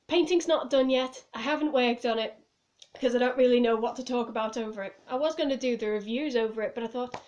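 A woman's voice: on the high side, brisk, a little mellow, highs cut off. A woman vlogging casually to camera at home, rambling and giggling as she reviews a film. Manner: rambling, giggly, lots of "like" and "I was just like". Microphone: phone or camera on a table.

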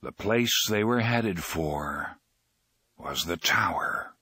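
A man with a fairly low voice reads an audiobook in a steady, measured way. The recording is dry and close, with no room sound. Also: breathy edge, no room sound. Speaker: audiobook narrator. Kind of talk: audiobook narration.

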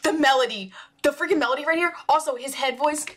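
A woman hosting a music reaction video, talking in a gushing, excitable way, full of exclamations and filler "like"s. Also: sits high, fast talker, slight background noise. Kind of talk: casual music reaction commentary. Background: music video playing faintly.

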